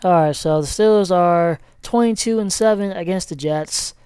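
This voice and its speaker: A man's voice: high-pitched, moderate pace, darkish tone, clean tone, dry recording, clean studio sound. A man giving a casual, rambling sports recap as he clicks through a screen, with many fillers and self-corrections. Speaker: sports vlogger.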